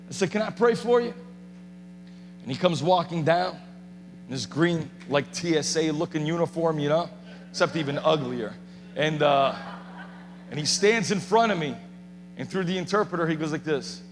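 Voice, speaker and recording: A man preaching a sermon in a high, ringing voice that bursts into passionate shouting. His voice carries a long reverb, and a faint hum sits underneath. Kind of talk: sermon testimony.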